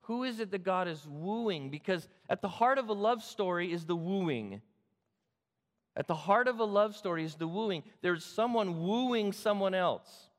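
A man from the Sacramento area preaching a sermon, retelling the story with animated repetition. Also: sits high, a little slow, big-room sound. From Sacramento area, California. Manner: animated storytelling, repeats phrases. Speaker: pastor.

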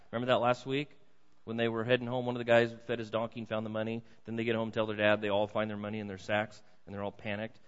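Older guy preaching, loud then soft, big echoey church, kinda dull audio. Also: on the low side, fast talker, smooth. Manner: lively, swings between loud dramatic reading and soft asides. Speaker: pastor. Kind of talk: sermon. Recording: dull sound in a big reverberant hall.

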